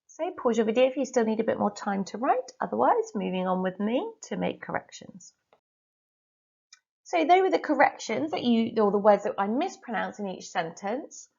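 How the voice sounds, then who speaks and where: Woman teacher dictating slowly, dull sound. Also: a little high, sing-song, vocal fry, a little mellow, husky. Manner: slow, carefully spelled-out dictation. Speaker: Spanish teacher. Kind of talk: recorded video lesson with dictation.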